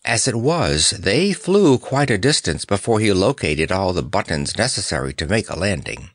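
A man narrating a children's storybook with a lively reading voice that rises and falls a great deal. His voice sits on the low side, and the recording is dry and close. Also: normal speed, no room sound. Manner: expressive, animated reading. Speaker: audiobook narrator.

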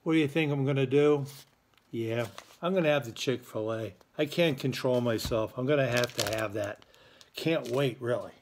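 A man's voice: mid-range voice, normal speed, a little hiss or hum. A man hosting a school morning show, giving casual announcements in a chatty, joking way. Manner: chatty, playful, joking with listeners.

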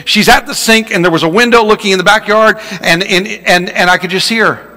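A man preaching a sermon as pastor, telling a story in an animated way and acting out shouts in a raised voice. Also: a little fast, long reverb tail, slight background noise. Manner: animated, acts out shouts and quotes in a high voice.

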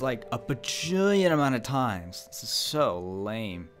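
A man doing let's play commentary, goofy, excitable and self-deprecating. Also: mid-range voice, measured pace, faint music behind. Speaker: gaming YouTuber.

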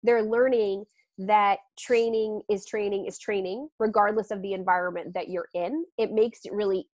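A woman dog trainer, a guest on a podcast interview, explaining her training in a lively way with frequent laughs. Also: mid-range voice, moderate pace, no echo. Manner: animated, laughs often, acts out quotes.

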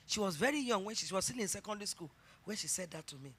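Preaching very fast with a breathy edge, a middle-aged Nigerian-accented woman pastor delivers an animated sermon in a medium pitch. She repeats phrases emphatically, rising to shouted exhortation.

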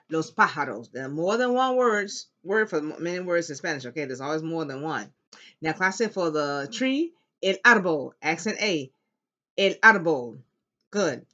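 A woman teaching an elementary Spanish class, slowly modeling words for students to repeat and cheering them on. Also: sits low, bright, forceful tone. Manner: upbeat and encouraging. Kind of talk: classroom language lesson. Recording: dull lo-fi classroom recording.

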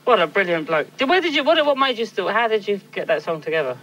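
A man's voice: high-pitched, sing-song, fast talker, fairly bright tone. A man hosting a TV interview, enthusiastic and stumbling over his restarts. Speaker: TV host. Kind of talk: casual TV interview. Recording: distant from the mic.

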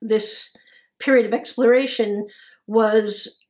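A soft-spoken woman in a relaxed couple chat, pitched a little high. She talks in a gentle, reassuring way and laughs easily, like she is comforting someone close to her. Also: slow. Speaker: co-host, older partner.

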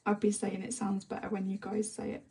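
An English woman chatting casually while she teaches colouring on a live stream, often sinking into a soft half-whisper as she works. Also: medium pitch, brisk, far from the mic. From England. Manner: relaxed rambling chat, often drops to a soft half-whisper while working. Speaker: colouring tutor.

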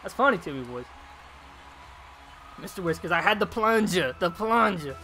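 A young man live streaming a game, chatting excitedly with viewers, reading their messages and calling them dude. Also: high voice, moderate pace. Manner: excitable, chatty, reads chat aloud, calls viewers dude. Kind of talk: live gameplay streaming commentary.

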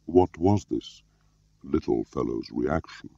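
A man with a very deep, gravelly voice playing a soft-spoken older spymaster who questions mildly, in a slightly muffled, dry recording. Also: lively intonation, takes it slowly, no echo, exaggerated voice. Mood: quiet probing. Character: quiet, probing older male spymaster.

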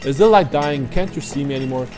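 A man's voice: mid-range voice, quick pace, over music. A man whose first language is German, giving rambling, profane, self-mocking commentary while playing a game. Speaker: gaming commentator. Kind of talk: casual let's-play commentary.

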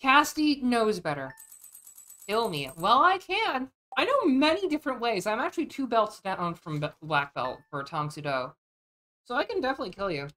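Woman vtuber streaming a game, lively and crude, swearing freely, higher voice with big pitch swings. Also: moderate pace. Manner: animated, crude and joking, often swearing. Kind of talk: casual gaming stream chat.

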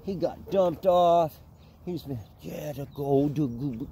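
An older man, running an animal sanctuary and chatting casually outdoors in a rambling way, breaking into a high cooing voice for the puppies. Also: slow pace, dark tone, slight background noise. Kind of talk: casual vlog chat.

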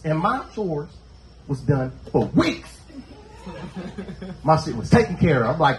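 A man doing a stand-up comedy set, telling stories in slangy, lively talk. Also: on the high side, quick pace. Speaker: stand-up comic. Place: comedy club stage. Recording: roomy club sound.

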